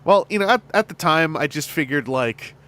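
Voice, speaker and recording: Brief: chatty male streamer, around forty, lively up-and-down delivery, laughs a lot. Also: fairly high pitch, normal speed. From Canada. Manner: animated, chatty, laughing often. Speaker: streamer host and fan voice actor. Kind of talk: casual livestream chat.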